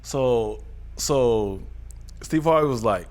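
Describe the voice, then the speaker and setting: A man co-hosting a podcast in casual chat, an animated storyteller who slips into loud impressions. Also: a little high, moderate pace. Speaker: podcast co-host.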